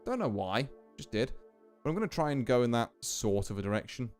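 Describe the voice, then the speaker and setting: A man's voice: medium pitch, big pitch swings, brisk. A man streaming a game, chatting casually to viewers in a rambling, self-interrupting way over faint music. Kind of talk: casual live commentary.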